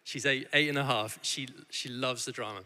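A man's voice: mid-range voice, steady tone, moderate pace. A man in his thirties giving a sermon as a guest preacher, telling family stories in a loose, conversational way with many restarts. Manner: warm conversational storytelling with frequent restarts. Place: church hall. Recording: church hall with long reverb.

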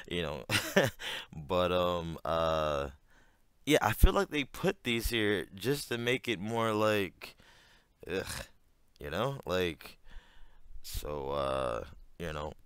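Slow, rambling man reacting with swears. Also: sits low, a bit bright, clean tone, no echo. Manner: rambling, heavy on fillers, swears a lot, laughs often. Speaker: commentator reacting to a TV clip. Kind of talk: casual reaction commentary.

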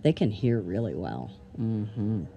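Her voice is extremely low with vocal fry, very animated but slow, and the recording is muffled. She's presenting animals to kids at a live educational show in an outdoor amphitheater, playful and chatty, firing off lots of questions.

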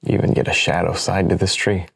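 A man's voice: low-pitched, a little fast, creaky, husky, no room sound, clean studio sound. A man demonstrating an oil painting, chatting casually and thinking aloud as he works. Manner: relaxed, chatty, thinks aloud with small laughs. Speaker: painting instructor.

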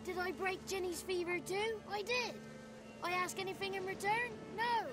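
A woman's voice: very high-pitched, moderate pace. A woman voicing a small grey godling boy who is chatty, cheeky and kind. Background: game music.

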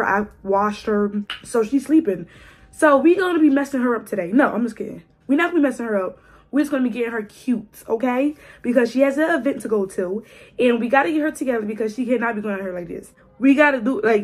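A young woman in her twenties talks casually to the camera, her fairly high voice husky and raspy from a cold. She chats in a playful, teasing way as she films herself on a phone. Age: 20s. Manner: chatty, playful, teasing asides. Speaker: beauty vlogger.

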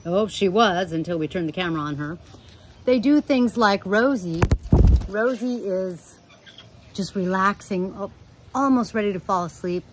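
A woman's voice: medium pitch, a little slow, a little hiss or hum, low-quality recording. A middle-aged woman at home chatting casually about her parrots, rambling and affectionate, sometimes breaking off to talk to her birds. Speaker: parrot owner and channel host. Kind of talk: casual chat to camera.

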